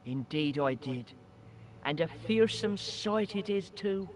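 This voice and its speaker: An actor playing a cheeky, boastful young Irish boy in a game, with a high, boyish, chirpy way of telling tales. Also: lively intonation, slow. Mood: spooky tale. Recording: game audio with music behind.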